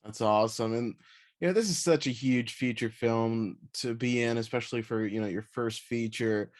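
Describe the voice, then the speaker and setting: A male interviewer who keeps the chat loose and friendly. His voice sits at an ordinary middle pitch. He leans on "like" and "you know" as he shapes his questions. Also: normal speed. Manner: chatty and upbeat, with many "like" and "you know" fillers. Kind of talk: casual video interview.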